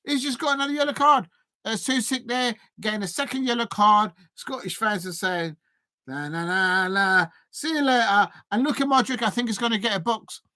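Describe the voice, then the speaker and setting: A man hosting a live football watch-along, chatting with viewers and getting excitable, even shouting, at big moments in the match. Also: very high-pitched, brisk, no echo. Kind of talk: live match reaction and chat.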